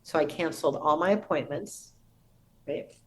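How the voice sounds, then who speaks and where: A middle-aged woman, a podcast guest, telling a personal story in an earnest, reverent way with soft restarts. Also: deep voice, normal speed, slight background noise, rough recording.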